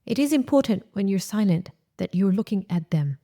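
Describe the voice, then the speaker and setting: A woman host giving gentle, coaching marriage advice straight to her listeners. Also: mid-range voice, expressive, moderate pace. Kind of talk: advice talk to camera.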